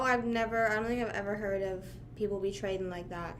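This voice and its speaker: A woman's voice: mid-range voice, level tone, normal speed, few pauses, slight background noise. A young woman from Pennsylvania chatting casually on a livestream, rambling with lots of "like" and "you know what I mean," sometimes talking while chewing. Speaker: streamer.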